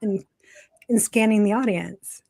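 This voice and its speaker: A middle-aged woman co-hosting a casual podcast, talking in an animated, chatty way and laughing often. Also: mid-range voice, unhurried, vocal fry. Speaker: podcast co-host.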